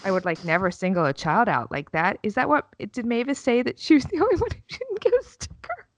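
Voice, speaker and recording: A woman's voice: on the high side, a little fast, no room sound. A woman in her thirties co-hosting a podcast, telling a story in casual chat and acting out the lines of the people in it with self-mocking humor. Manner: animated storyteller, acts out quotes, self-mocking. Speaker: podcast co-host.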